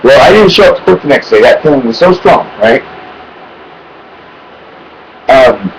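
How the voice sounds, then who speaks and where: A man's voice: medium pitch, expressive, unhurried, a little hiss or hum, low-quality recording. A man telling a personal story to his webcam in a rambling, urgent way, swearing often and repeating himself. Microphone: webcam microphone.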